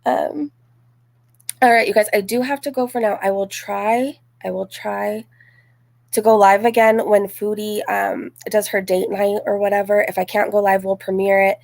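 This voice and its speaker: A woman in her forties chats her way through viewer comments on a live stream, mid-pitched with a gravelly, fry-touched voice. She talks loosely, full of "like" and "um". The sound is close and dry, with no room around it. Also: level tone, normal speed, a little mellow, no echo. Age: 40s. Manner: chatty, frequent "like" and "um", laughs easily. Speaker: live-stream host reading chat. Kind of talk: casual live-stream chat.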